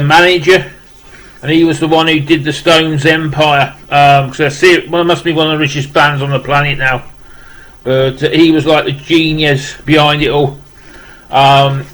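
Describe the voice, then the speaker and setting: Man, slightly high voice, flat monotone delivery, rambling casual unboxing chat. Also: low-quality recording. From West Midlands, England. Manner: rambling, repeating "wow" and restarting with many fillers. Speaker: vlogger opening a parcel of rock music gifts.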